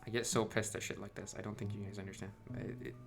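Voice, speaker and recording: A man streaming a game live, reading it aloud and breaking into heated, animated rants full of swearing, on a desk microphone at home. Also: lowish voice, fast, vocal fry.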